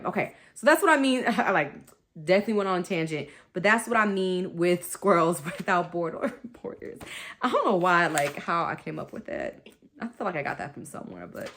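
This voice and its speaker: With a fairly low, slightly bright voice, this woman hosts a spiritual wellness podcast. Her talk rambles along chattily, full of laughter and addresses to her listeners as y'all.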